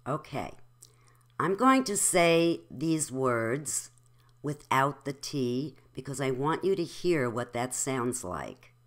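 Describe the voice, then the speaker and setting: Very low-voiced elocution teacher. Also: female voice, sing-song. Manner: slow, carefully enunciated, demonstrating sounds. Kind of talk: slow instructional speech drill.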